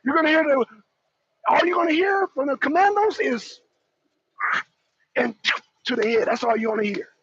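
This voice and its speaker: High raspy-gravel dude ranting and cussing on a talk stream, dull muffled audio. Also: male voice, expressive, brisk, no echo. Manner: loud, profane, mocking rants. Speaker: talk show panelist. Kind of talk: heated live-stream commentary. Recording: dull, dry lo-fi sound.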